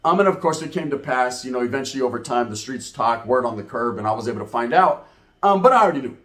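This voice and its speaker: A man telling a profane, slang-heavy street story in a comedic, animated way. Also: medium pitch, fast talker.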